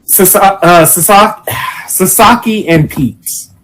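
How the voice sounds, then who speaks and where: A man's voice: high-pitched, slow, a bit bright, rough recording. A man on a podcast in casual chat, enthusiastically summarizing something he enjoyed, swearing casually. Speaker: podcast co-host.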